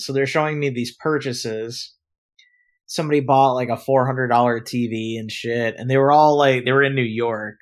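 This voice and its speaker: A young man co-hosting a casual podcast, telling a story and acting out both sides with sudden loud outbursts and lots of swearing. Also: medium pitch, fairly even intonation, normal speed. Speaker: podcast co-host. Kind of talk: casual chat.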